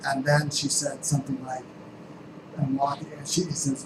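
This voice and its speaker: A man giving a live sales training talk, telling stories and acting out the people in them with emphatic, sometimes shouted lines. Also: mid-range voice, little pitch movement, moderate pace. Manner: storytelling, acts out quotes with shifting voices; emphatic, rising to near-shouts. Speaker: real estate sales trainer. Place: training room. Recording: roomy, distant mic, air conditioning hum.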